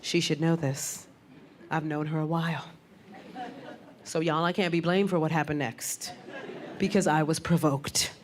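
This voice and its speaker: A woman comedian doing a stand-up set, brash and animated, landing blunt punchlines. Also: low voice, unhurried, long pauses, a crowd in the background. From Puerto Rican heritage. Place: comedy stage before a crowd. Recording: live club with loud audience laughter and noise.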